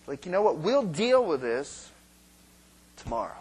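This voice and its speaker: Lively high-voiced preacher. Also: male voice, measured pace, husky. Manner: conversational preaching, asks the congregation questions; acts out quarrels in quoted voices. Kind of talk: sermon on marriage.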